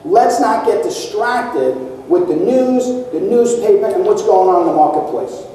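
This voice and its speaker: Echoey, animated man giving a keynote. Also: high voice, unhurried, far from the mic, slight background noise. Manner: emphatic, asks the audience rhetorical questions. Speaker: motivational speaker. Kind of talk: conference keynote speech. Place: large conference hall. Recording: echoey hall recorded from afar.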